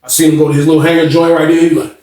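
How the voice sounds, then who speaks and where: A man telling a story in a casual, slangy way, animated and often laughing. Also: on the high side, very fast. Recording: roomy echo.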